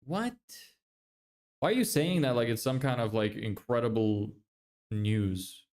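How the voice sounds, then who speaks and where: A man's voice: mid-range voice, unhurried, darkish tone. A young man chatting casually on a livestream, reading viewer messages, swearing and laughing often. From Ireland. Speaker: livestreamer and agency owner.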